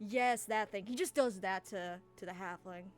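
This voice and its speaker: A woman running a tabletop role-playing game, narrating the scene in a loose, chatty way. She talks at a middle pitch with plenty of fillers, and faint music plays behind her. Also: moderate pace. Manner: casual, rambling, with fillers and laughs. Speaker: game master.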